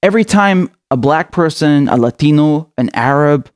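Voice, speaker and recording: A man's voice: on the high side, expressive, normal speed, clear, resonant tone. A man hosting a political commentary show, delivering an impassioned, outraged rant full of swearing.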